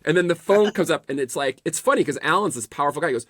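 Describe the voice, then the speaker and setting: A man's voice: fairly high pitch, fast talker, hardly any pauses, no echo. Middle-aged guy telling stories on a podcast, lots of restarts, dry close sound. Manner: animated anecdotes with repeated restarts. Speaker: podcast guest, CEO. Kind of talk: casual storytelling interview.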